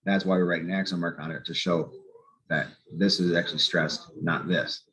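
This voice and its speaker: Low-voiced man patiently teaching a lesson. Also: fairly even intonation, moderate pace, a bit bright. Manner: patient, methodical, spells out letters. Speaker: Spanish teacher. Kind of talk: explaining a grammar lesson. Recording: slightly muffled lo-fi recording.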